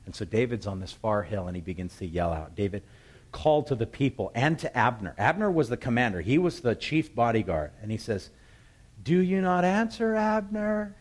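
A man's voice: fairly low pitch, sing-song, brisk, slightly rough. A man preaching a sermon, retelling scripture and acting out its voices. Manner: acts out scripture voices, shouting the calls across the hills.

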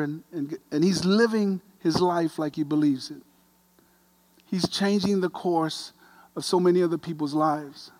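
Middle-aged guy telling a story in a sermon, kinda high voice, self-deprecating, gets quiet and earnest. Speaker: pastor.

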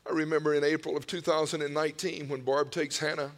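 Emotional preacher in a big hall. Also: male voice, fairly high pitch, level tone, quick pace. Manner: emotional storytelling, swings from hushed whispers to loud cries. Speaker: pastor. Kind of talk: sermon. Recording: long hall reverb.

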